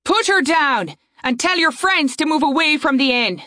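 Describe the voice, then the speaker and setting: A woman's voice: high voice, expressive, moderate pace, bright, forceful tone, dry recording, studio quality, voice pushed up. A woman voicing a stern half-elf mage who gives firm, commanding orders.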